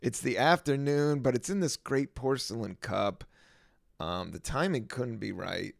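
Gravelly, creaky-voiced man rambling. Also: mid-range voice, unhurried, dry recording, studio quality. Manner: relaxed, meandering, lots of fillers. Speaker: podcast host and stand-up comedian. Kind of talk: casual rambling monologue.

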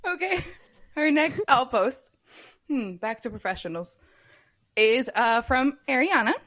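A woman's voice: sits high, animated, measured pace, fairly bright tone, dry recording. Teasing woman podcast co-host. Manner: teasing, laughs along, reads listener questions. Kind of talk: casual chat.

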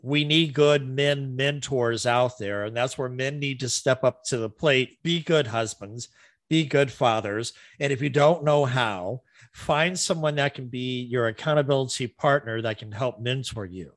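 A man's voice: medium pitch, measured pace, no room sound. A man hosting a talk show, giving earnest, instructive advice in conversation.

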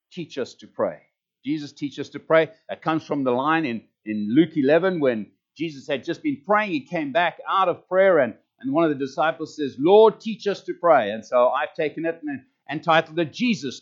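Fervent South African man preaching. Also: fairly high pitch. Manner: fervent, emphatic preaching with repeated words. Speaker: pastor. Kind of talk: sermon. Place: church service. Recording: dull lo-fi recording.

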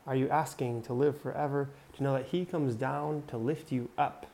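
Male preacher, gravelly and warm, earnest scripture teaching spoken direct to listeners. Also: mid-range voice, fairly even intonation, moderate pace.

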